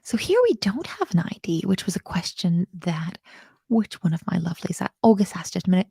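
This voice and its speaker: Brief: woman coding instructor, animated and self-deprecating, husky, with a dry, close sound. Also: on the low side, brisk, no echo. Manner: bubbly, self-mocking, with murmured asides. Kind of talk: live coding lesson.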